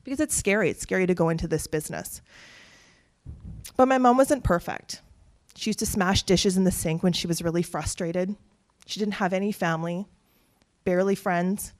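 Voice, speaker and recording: A woman's voice: lowish voice, moderate pace. A woman, giving an earnest speech built on personal stories. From Canada. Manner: earnest, animated storytelling with quoted voices. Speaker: keynote speaker.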